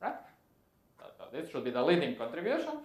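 A man's voice: fairly high pitch, wildly swooping pitch, fairly quick. A man giving a technical physics lecture, explaining step by step and correcting himself as he goes. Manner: thinks aloud, self-correcting, explanatory. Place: lecture hall. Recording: echoey lecture room.

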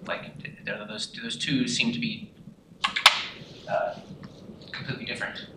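A man asks questions in a physics seminar, stammering and restarting his phrases. He speaks at a middle pitch from far off the mic in a roomy space, with clear background noise. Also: fairly even intonation, a little slow. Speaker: student.

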